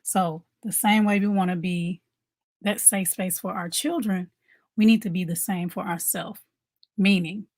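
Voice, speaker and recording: A woman with a medium-pitched voice, working as a mom coach, gives a casual motivational talk to the camera. She's conversational, repeats her key points, and asks viewers questions, all in a dry-sounding room.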